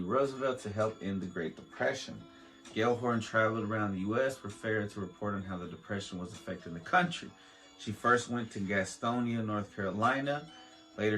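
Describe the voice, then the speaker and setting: A man's voice: fairly low pitch, fairly bright tone, poor audio. A man hosting a podcast, reading a history aloud with stumbles, restarts and joking asides. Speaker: podcast host. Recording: faint beat playing under the voice.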